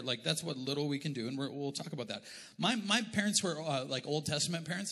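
A man preaching a sermon as pastor, telling funny stories and swinging from loud bursts to quiet asides. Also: fairly high pitch. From Canada. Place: large church auditorium. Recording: church hall reverb.

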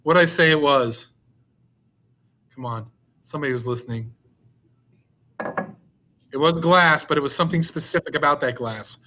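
Brief: upbeat male science teacher, high bright voice, teases students on a video call, lo-fi sound. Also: normal speed, pauses often. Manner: joking, teasing, coaxing students. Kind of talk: online class with a slide deck.

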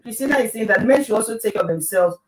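A woman co-hosting a live marriage broadcast, soft-spoken and slow, reading out viewer comments. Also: a little high, expressive. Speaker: co-host, pastor's wife. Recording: roomy, distant mic, faint noise.

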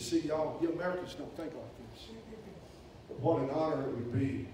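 Animated preacher in an echoey church. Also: male voice, fairly high pitch, normal speed. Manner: animated, acts out quoted voices loudly. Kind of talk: sermon storytelling to a congregation. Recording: echoey hall, distant mic, faint hiss.

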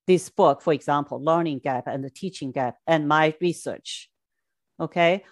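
Woman from china giving a lecture, short choppy phrases, lowish voice, dry close sound. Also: no echo. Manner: measured, clipped phrases with frequent "uh" and brief Mandarin asides. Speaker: education scholar giving a lecture. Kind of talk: academic talk with slides.

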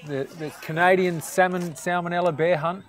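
A man's voice: high voice, fairly even intonation, normal speed. Joking man co-commentating football. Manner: jokey banter, playful nicknames. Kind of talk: live sports commentary.

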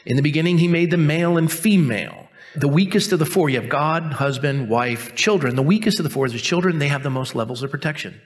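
Joking pastor in a reverberant church hall. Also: male voice, lively intonation, quick pace, hardly any pauses. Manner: joking, self-mocking asides between earnest teaching; drops to a quiet, low, intense tone for stern points. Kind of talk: sermon. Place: church sanctuary.

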